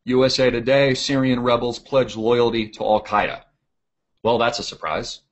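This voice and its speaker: A man's voice: medium pitch, fairly even intonation, normal speed. A man giving a sarcastic, ranting political commentary. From United States. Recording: dull lo-fi audio.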